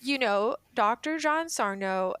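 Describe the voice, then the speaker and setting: A woman with a fairly high voice hosts an interview podcast. She reflects on her guest's story in an easy, explanatory way. Her voice is recorded dry and close, with no room sound. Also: lively intonation, slow, fairly bright tone, clear, resonant tone, dry recording. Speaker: podcast host. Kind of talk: conversational interview.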